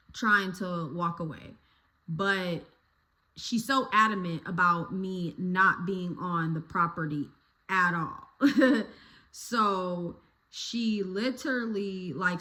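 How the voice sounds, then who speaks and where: A young woman YouTuber with a medium-pitched voice recounts a story from her childhood, animated and casual, laughing and swearing freely as she goes.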